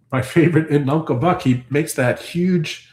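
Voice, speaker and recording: A man's voice: fairly high pitch, a little mellow, roomy sound. A man hosting his homestead channel, chatting casually and answering viewers' comments in a rambling, thinking-aloud way.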